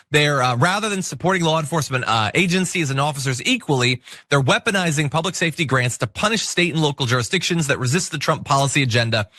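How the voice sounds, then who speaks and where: A man's voice: a little high, pushed and bright, no echo, studio quality. A man hosting a political commentary show, talking casually with wry asides.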